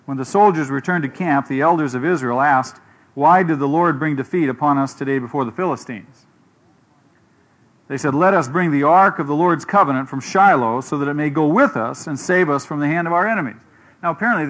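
A man preaching a sermon, retelling a scripture story in a lively way and asking his listeners questions. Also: a little high. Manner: animated, acts out quoted voices, asks the audience questions.

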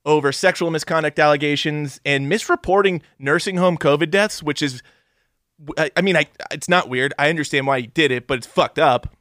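A man co-hosting a podcast in loose, profane banter, slipping now and then into mocking voices. His voice sits a little higher than most men's. The recording is dry and close. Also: brisk, a bit bright, no room sound. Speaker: podcast co-host. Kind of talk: casual chat.

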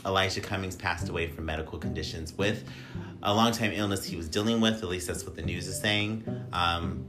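A man with a very deep voice hosts a casual podcast. He talks in a chatty, playful way and swears freely. Music plays clearly underneath. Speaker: podcast host.

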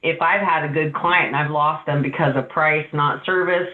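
A woman's voice: sits low, steady tone, moderate pace. Self-deprecating woman giggling on a tinny call. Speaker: insurance agency owner on a panel. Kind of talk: candid panel discussion. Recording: tinny echoey call audio.

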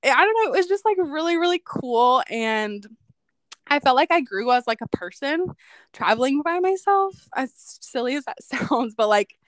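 With a high, sing-song voice at a moderate pace, a young woman co-hosting a podcast shares a personal story. The chat is casual, chatty and reflective, full of "like" fillers, and there's no room sound.

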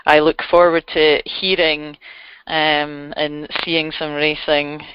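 A woman co-hosting a podcast, chatting casually in an easygoing, encouraging way with a creaky voice. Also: sits low, level tone, takes it slowly, dry recording. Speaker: co-host. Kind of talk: casual chat. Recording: dry, dull lo-fi recording.

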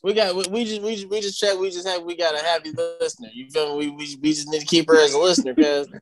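A man's voice: on the high side, flat delivery, fast talker, faint music behind, low-quality recording. A man co-hosting a casual podcast, talking in a laid-back drawl. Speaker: podcast co-host. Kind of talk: casual chat.

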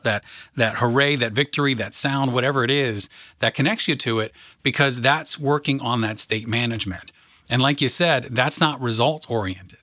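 A man's voice: mid-range voice, sharp tone, no echo, studio quality. Earnest man giving mindset coaching. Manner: earnest, repetitive emphasis with frequent "right?". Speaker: podcast co-host and mindset coach. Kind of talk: motivational coaching talk.

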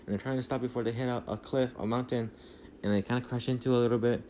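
A man's voice: medium pitch, fairly even intonation, fast, a little mellow, slight background noise. A man rambling through a casual movie recap on a phone mic, full of fillers and restarts. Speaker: podcast host.

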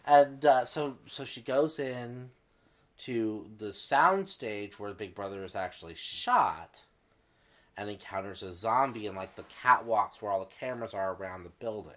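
Animated man co-hosting a show recap. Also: lowish voice, measured pace. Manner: animated, quotes characters with wry commentary. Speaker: podcast co-host. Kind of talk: casual chat recapping a TV show.

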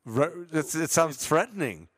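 Male pastor co-host, lively pitch, dry sound, joking, quick to laugh. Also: breathy edge, dry recording. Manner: playful, laughs often, trails off mid-sentence. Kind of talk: casual joking chat.

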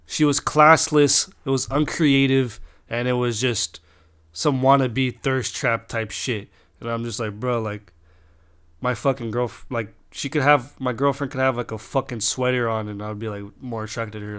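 A man's voice: medium pitch, fairly even intonation, normal speed, fairly bright tone, smooth. A young man telling a long personal story in a rambling, casual way, swearing constantly and restarting his sentences.

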